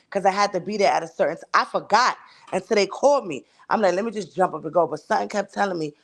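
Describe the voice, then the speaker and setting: A woman's voice: on the low side, quick pace. Profane, emphatic woman telling a story. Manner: profane and emphatic, acts out quoted dialogue. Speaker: podcast co-host. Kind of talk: casual storytelling chat.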